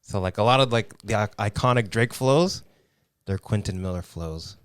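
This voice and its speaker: A man co-hosting a podcast in casual chat, easygoing and quick to laugh. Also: lowish voice, fairly bright tone, clean tone, no echo. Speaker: podcast co-host.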